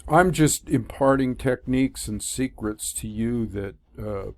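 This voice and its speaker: Speaking to the camera as a spiritual teacher, this man delivers a loose, wandering monologue packed with fillers and false starts. His voice sits in the mid-range with a darkish tone, and he talks a little slowly. It's a casual monologue recorded in a room.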